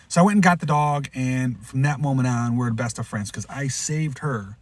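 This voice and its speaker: A man hosting a podcast, telling a rambling pet story in a casual way, restarting often and jumping into loud, high voices when he quotes someone. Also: normal speed, dry recording. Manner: rambling, with frequent restarts and asides. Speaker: podcast host.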